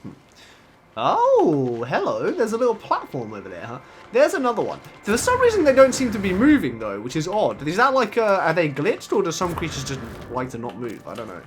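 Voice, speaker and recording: A young man giving excitable let's play commentary, gushing and laughing often as he plays. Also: high-pitched, a little fast, soft background music. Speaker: gaming channel host.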